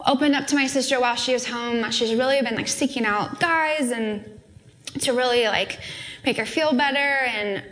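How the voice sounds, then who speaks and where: A woman's voice: on the high side, fairly bright tone, slight background noise. A young adult woman speaking at a student fellowship, giving an earnest, heartfelt sermon in a casual, conversational way. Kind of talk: conversational sermon with a personal story.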